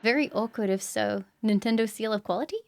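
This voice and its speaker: A woman's voice: medium pitch, a little fast, gravelly, dry recording, studio quality. A young woman streaming a game live from home, chatting loosely, laughing often and thanking viewers by name. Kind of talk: live gameplay commentary. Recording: game music playing behind. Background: game music.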